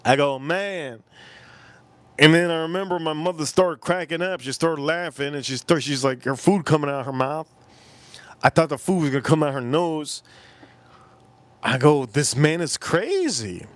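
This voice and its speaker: A man's voice: normal speed, pauses often, dry recording. A man in his forties hosting a casual live stream, telling a rambling story and repeating himself. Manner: rambling, repeats himself, jumps into loud high-pitched impressions. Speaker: livestream host.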